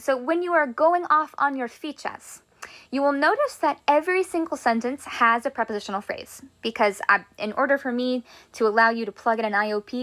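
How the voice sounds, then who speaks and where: A woman teaching a Spanish grammar lesson, upbeat and encouraging, slowing down to draw out her examples. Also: high-pitched, bright, forceful tone.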